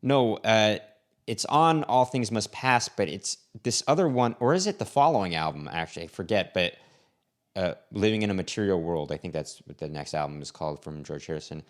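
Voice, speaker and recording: A man hosting a music reaction video, chatting casually and quick to push back in a friendly debate. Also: deep voice, expressive. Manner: quick to disagree, drawn-out musing. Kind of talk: casual chat.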